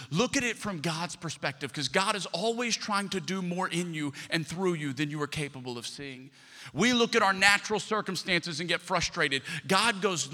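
Bright-voiced pastor preaching in a hall. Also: male voice, a little high. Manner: storytelling, acts out quoted voices. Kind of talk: sermon. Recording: long hall reverb.

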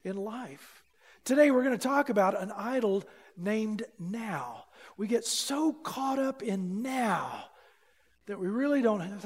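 Man, pastor, high voice, animated storytelling sermon, acts out dialogue, long hall reverb.

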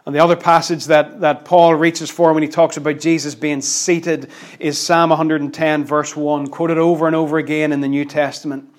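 Male preacher, slightly high voice, emphatic, conversational sermon style with bursts of intensity. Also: flat delivery, normal speed. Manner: emphatic, dynamic delivery that swings between loud and hushed; conversational with light humor.

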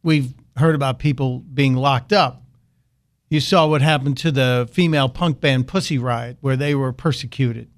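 A man's voice: mid-range voice, fairly even intonation, moderate pace. A man hosting a political talk radio show, delivering a sarcastic, mocking monologue.

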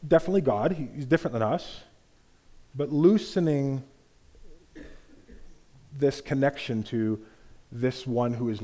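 A man delivers a teaching sermon in a measured, explanatory way, tossing in rhetorical asides. His voice is mellow and warm, sitting at an ordinary middle pitch. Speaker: preacher.

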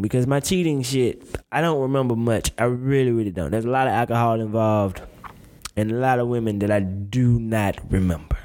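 A man's voice: mid-range voice, a little mellow. A man in his twenties giving a candid, rambling confessional monologue, full of slang and restarts.

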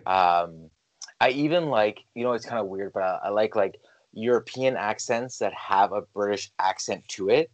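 A man's voice: lowish voice, normal speed, dull audio. A young man chatting casually as a podcast co-host, rambling, swearing and mumbling. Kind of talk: casual chat.

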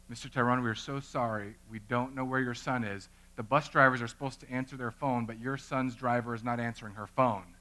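A man in his thirties, a pastor, preaching a sermon through an animated personal story and acting out the voices in it. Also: mid-range voice, fairly quick.

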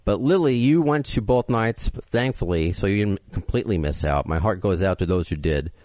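A podcast host, chatting casually and poking fun at himself, with frequent restarts. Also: male voice, on the low side, expressive, normal speed, darkish tone, no room sound. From Queens, New York. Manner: self-deprecating, rambling with restarts.

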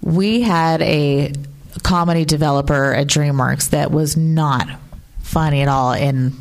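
A woman's voice: low voice, a little slow. A woman, a panelist and former staff writer, telling a story in a casual way.

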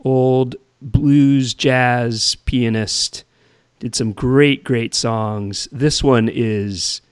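A man's voice: mid-range voice, steady tone, extremely slow, clear, resonant tone, no echo. A man hosting a casual radio chat, rambling and hesitant, laughing easily. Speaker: radio host.

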